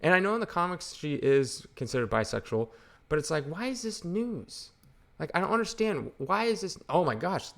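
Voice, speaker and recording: A man's voice: a little high, lively intonation, fairly quick, creaky, a bit bright. A man hosting a comic book channel, ranting in casual, exasperated and sarcastic commentary.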